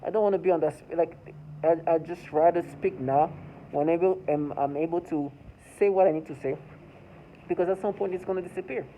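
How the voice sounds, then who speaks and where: A man speaking earnestly in a personal video monologue, halting, repeating words and restarting often. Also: fairly high pitch, steady tone, dark tone. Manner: earnest, urgent delivery. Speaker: vlogger. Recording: tinny phone-like audio with faint noise.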